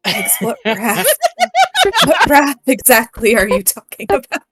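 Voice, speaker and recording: A woman talks through her character's reactions slowly, with a voice that swings widely up and down. She hesitates and restarts as she chats. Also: on the high side, big pitch swings, a bit bright, breathy edge, faint music behind. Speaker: player. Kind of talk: casual tabletop game chat.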